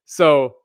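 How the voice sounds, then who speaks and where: A man's voice: no room sound, studio quality. A man hosting a live news roundup, giving wry, exasperated commentary and reading passages aloud.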